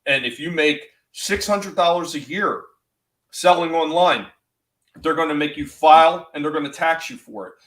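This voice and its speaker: A man's voice: a little high, normal speed, fairly bright tone, reverberant, rough recording. A man hosting a live stream, ranting with strong opinions and reading out chat comments. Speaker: stream host.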